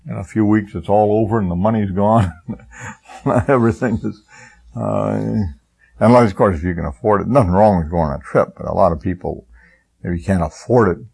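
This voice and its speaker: A man's voice: fairly low pitch, vocal fry, darkish tone, breathy edge, rough recording. An older man preaching a folksy, rambling sermon, telling homespun stories between points. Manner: folksy, rambling storyteller with chuckles.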